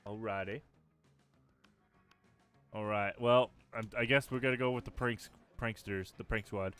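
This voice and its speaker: A man's voice: lowish voice, steady tone, a little slow, fairly bright tone, smooth, faint music behind. A man casually talking through a video game on a live stream, swearing and laughing now and then.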